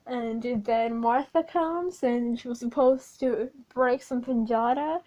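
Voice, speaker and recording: A woman with a high voice recaps a story in a loose, rambling way, swearing now and then and leaning on fillers. She talks slowly and informally as commentary over a speedpaint. Her delivery is unpolished and chatty. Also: dark tone, highs cut off. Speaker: video creator.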